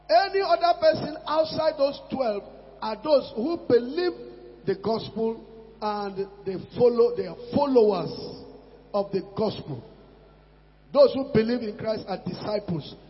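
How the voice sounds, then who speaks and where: High-voiced emphatic preacher man in echoing hall. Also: expressive, unhurried. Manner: emphatic, repeats key words, swings between loud and soft. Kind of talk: sermon. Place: church hall. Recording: dull recording in a long-echoing hall.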